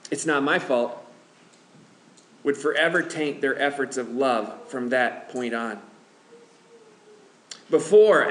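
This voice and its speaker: Male pastor, slightly high voice, reflective sermon delivery with emphatic repeats, roomy echo. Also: fairly bright tone. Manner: slow, reflective, emphatic repetition. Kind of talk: scripture reading and sermon.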